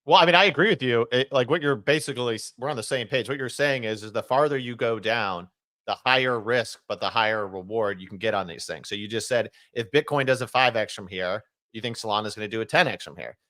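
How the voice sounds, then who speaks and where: A man's voice: mid-range voice, quick pace, a bit bright, no echo. A man co-hosting a casual podcast chat, talking loosely with lots of fillers and restarts. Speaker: podcast co-host.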